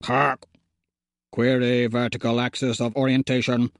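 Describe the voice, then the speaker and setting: A man's voice: mid-range voice, monotone, unhurried, no echo, studio quality, voice pushed down, lightly acted. A man voicing a dazed male robot who speaks in clipped, computer-like phrases. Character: clunky, befuddled male transforming robot.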